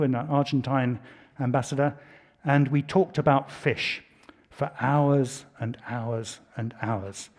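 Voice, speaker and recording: A middle-aged man from Britain speaks at a public lecture at an ordinary, mid-range pitch. He spins a long story, breaks off for dry asides, and restarts his sentences as he goes. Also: a little mellow. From United Kingdom.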